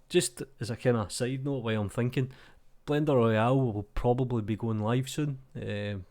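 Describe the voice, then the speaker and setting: A sweary Glaswegian man in his thirties, a YouTube 3D tutorial creator, rambles casually while playing a game. His mid-range voice is a little mellow, and he's blunt and self-deprecating.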